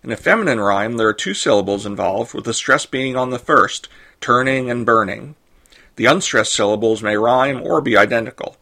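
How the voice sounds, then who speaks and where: A man hosting a podcast, reading a scripted explanation in a clear, measured way. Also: medium pitch, expressive, bright, forceful tone. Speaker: podcast host. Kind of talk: scripted narration.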